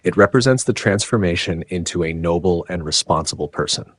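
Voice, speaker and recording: A man's voice: sits low, a little fast. A man teaching an English exam lesson, reading out word lists and explanations and giving Urdu translations. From Pakistan. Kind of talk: exam-prep lesson narration.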